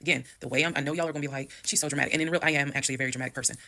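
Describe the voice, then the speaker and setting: A woman telling a personal story to her followers in a calm, measured way with blunt language. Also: a bass voice, gravelly. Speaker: storytime creator.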